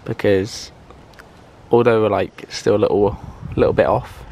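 A man's voice: on the low side, steady tone, measured pace, a little mellow, a little hiss or hum. A young man chatting casually to camera for a vlog, rambling with plenty of fillers and restarts. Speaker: vlogger.

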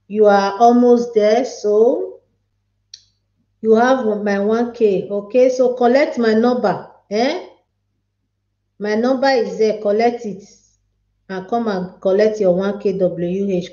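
A woman's voice: mid-range voice, darkish tone. A woman with a Nigerian Pidgin English accent hosting a livestream, chatting and laughing as she calls out viewers by name. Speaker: livestream host. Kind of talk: casual live chat to viewers. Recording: echoey room, dull lo-fi sound.

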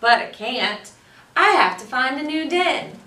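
A woman doing a friendly storybook fox with a high, bright voice, read slowly. The sound is roomy, from some distance. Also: expressive, heavily acted. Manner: friendly, then regretful. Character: friendly fox, warm but busy.

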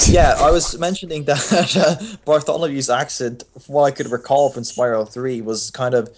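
A man's voice: mid-range voice, fairly even intonation, moderate pace. Guest commentator, male, mid range voice; chatty, teasing game banter. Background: faint game music.

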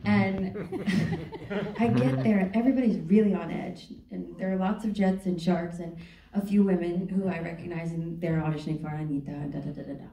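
A woman guest telling a lively story in an onstage conversation in a theater, often laughing. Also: on the low side, normal speed. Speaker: actress guest. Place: theater stage, roomy hall. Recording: echoey theater, distant mic.

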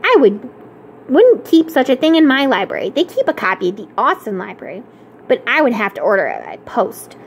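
A woman's voice: a little high, sing-song, fairly quick, slight background noise, pitched above the performer's own voice. A woman reading aloud, voicing a stern, sour old woman librarian in a clipped, disapproving way.

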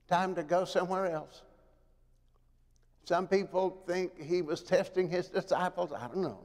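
A man preaching a sermon in a church, dramatic, moving from loud pleading to hushed, quiet lows. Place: church sanctuary. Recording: long reverb of a church hall.

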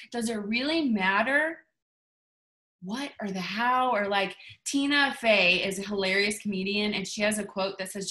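A woman leading her team on a video call, giving an animated, sassy motivational talk while reading a book aloud. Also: mid-range voice. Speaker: team leader. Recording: roomy echo on a video call.

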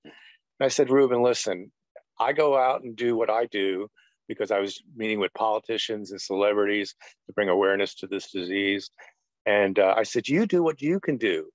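A man's voice: lowish voice, moderate pace, dry recording. A middle-aged man, a retired pastor, giving a personal testimony in an interview, rambling earnestly with lots of "you know". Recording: dull, dry lo-fi sound.

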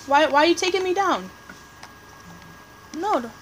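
A woman chatting through a game session as commentator, rambling and excitable, tossing jabs at other players. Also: very high-pitched, a little slow, slight background noise, low-quality recording. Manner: rambling, excitable, trash-talking teammates; restarts and fillers, chatty. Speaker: gameplay commentator. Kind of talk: casual live game commentary.

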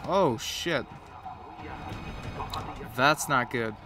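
A man's voice: mid-range voice, very slow, music in the background. A man with a cold giving profane, joking play-by-play commentary while playing a game. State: has a cold. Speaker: gamer commentator.

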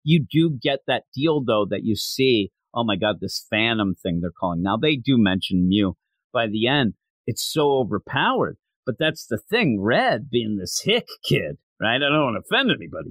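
A man co-hosting a podcast, chatting casually and excitedly as he reviews a manga chapter and acts out lines from it. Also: medium pitch, normal speed, no room sound. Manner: animated, excitable storyteller acting out quotes. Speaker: podcast co-host.

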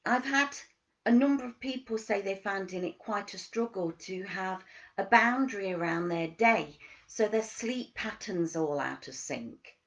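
Slow-talking woman wellness coach. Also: medium pitch, animated. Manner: gentle, questioning, emphatic coaching delivery. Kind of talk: motivational wellness talk.

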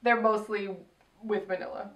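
A woman co-hosting a casual review chat, animated, acting out quotes with lots of "like". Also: medium pitch, normal speed, lo-fi sound. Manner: animated, acts out quotes, many "like"s. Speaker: podcast co-host. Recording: roomy echo.

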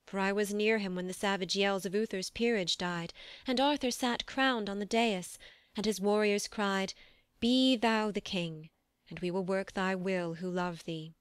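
A woman reading a proud queen's long, earnest account, in steady storytelling verse, within an audiobook. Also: mid-range voice, a little slow, clear, resonant tone, no echo, studio quality, lightly acted. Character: proud queen, devoted to her brother's cause.

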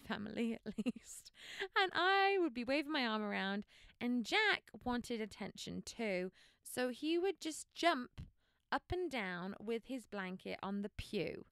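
A woman in her thirties hosting a podcast, telling a personal story in an animated way and laughing often. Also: fairly high pitch, clear, resonant tone, no room sound, studio quality. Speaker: podcast host.

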